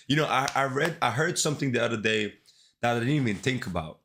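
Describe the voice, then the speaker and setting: A man's voice: medium pitch, expressive, fast, a bit bright, slight background noise. A man with a congested, sick-sounding voice chatting casually to his livestream viewers in laid-back slang. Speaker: live-streaming developer.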